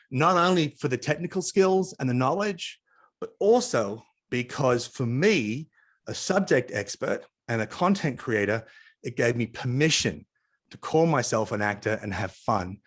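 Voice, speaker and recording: Middle-aged Australian man, interview guest, animated anecdotal delivery over a video call. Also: mid-range voice, normal speed. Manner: animated, chatty anecdotes with asides. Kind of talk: casual storytelling interview.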